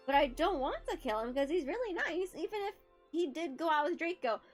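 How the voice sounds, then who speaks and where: A woman's voice: high voice, animated, fast, a little mellow, soft background music, voice pushed up. A woman voicing an angsty goth teenage girl who talks in a melodramatic, whiny, swearing way. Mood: whining.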